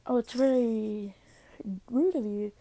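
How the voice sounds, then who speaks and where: Woman playing a cheeky young hero boy; blunt, slow, mellow. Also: a little high.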